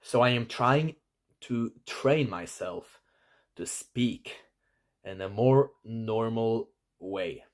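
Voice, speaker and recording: A man talking to camera in a slow, halting way, full of restarts, while he works at sounding lower and plainer. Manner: self-conscious, trying to talk in a lower, flatter way. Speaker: vlogger. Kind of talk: self-recorded talk to camera.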